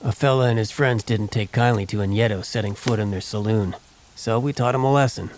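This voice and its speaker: A man's voice: lowish voice, a little fast, a little mellow, slight background noise, natural voice. A man voicing a weary terse young outlaw. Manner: grumbling, terse. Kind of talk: audiobook character voice.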